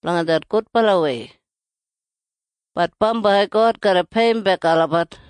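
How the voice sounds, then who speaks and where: A reader with an Australian Kriol accent gives a steady, earnest scripture reading. The pitch sits in a middle register, and the recording is close and dry, with no room sound around it. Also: measured pace, clean tone, no echo.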